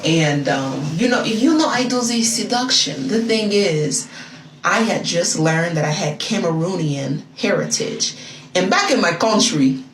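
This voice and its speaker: A woman's voice: on the low side, animated, measured pace. A woman from the United States telling a story in a gossipy, confiding way, as if to a friend, in an echoey, noisy recording. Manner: gossipy, confiding, addresses listener as "girl". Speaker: storyteller on a social video. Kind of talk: casual storytelling. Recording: echoey room with loud noise.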